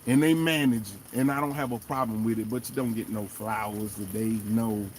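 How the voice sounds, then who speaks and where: A man hosting a fan show, giving animated, emphatic casual commentary and talking straight to the players. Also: fairly low pitch, normal speed, a little hiss or hum. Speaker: sports fan show host.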